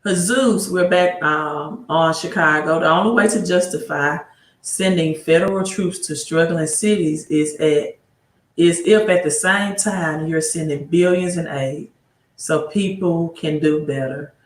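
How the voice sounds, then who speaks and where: A woman hosts a casual livestream offering financial advice, rambling, greeting viewers by name and asking rhetorical questions. She speaks unhurriedly in a low voice, with a roomy echo.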